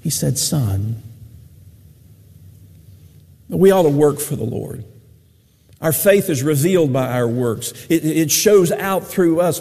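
Male pastor, high husky voice with gravelly fry, earnest sermon, long hall reverb. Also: warm tone. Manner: earnest preaching, wide swings in pitch and volume.

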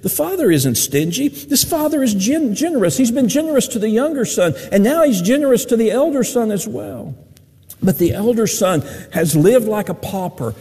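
Husky high-voiced preacher in a hall. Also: male voice, big pitch swings, moderate pace, dark tone. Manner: earnest preaching, wide swings in pitch and volume. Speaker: pastor. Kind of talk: sermon.

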